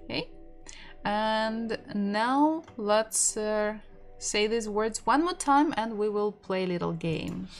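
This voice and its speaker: Woman teaching a language lesson, says every word twice, really slow, faint music in the back. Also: mid-range voice, expressive. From Russia. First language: Russian. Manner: slow, repeats each word for learners to echo.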